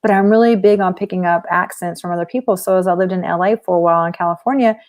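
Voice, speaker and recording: Texan lady in her 40s, southern twang, lowish voice, chatty live stream with lots of ums. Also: steady tone, fast, a little mellow. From Texas. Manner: chatty and upbeat, with many ums and restarts. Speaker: life coach. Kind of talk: casual live-stream chat.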